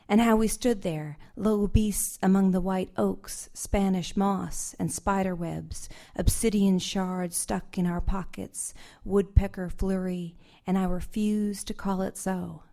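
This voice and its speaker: A woman poet giving a live reading of her poems, soft and measured, with hesitant asides between them. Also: medium pitch, fairly even intonation, gravelly. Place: live reading event before an audience.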